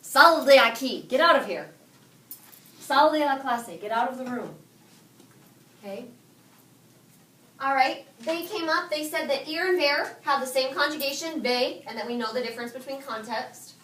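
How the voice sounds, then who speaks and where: A high, bright woman's voice leads a high school classroom. She fires questions at her students and echoes back their answers. She is picked up from across an echoey room with a faint hum underneath. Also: animated, normal speed, pauses often, far from the mic. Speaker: high school Spanish teacher. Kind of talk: classroom teaching.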